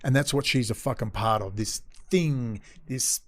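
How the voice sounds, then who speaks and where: A man's voice: medium pitch, a little slow, hardly any pauses, dry recording. Heated, sarcastic man ranting. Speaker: host. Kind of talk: profane ranting commentary.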